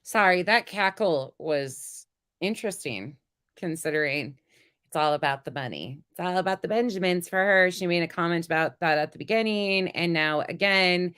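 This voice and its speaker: A woman hosting a casual commentary stream, blunt and sarcastic, sounding a little sick, with a lower voice than usual. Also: sing-song, normal speed, fairly bright tone, smooth. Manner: blunt, sarcastic, laughs at her own jokes. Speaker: commentary host.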